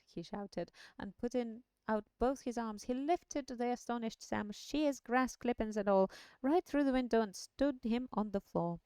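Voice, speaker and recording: Sex: woman. Native: not English. Role: streamer reading a book aloud and chatting. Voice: mellow, smooth, dry. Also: fairly high pitch, unhurried, no echo. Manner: chatty, laughing, self-deprecating. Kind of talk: book reading and casual chat on a live stream.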